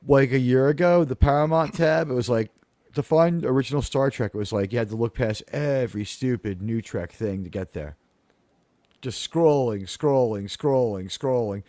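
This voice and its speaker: A man's voice: medium pitch, darkish tone, no room sound. A man hosting a casual podcast panel, talking in a rambling, sarcastic way with mocking asides. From United States.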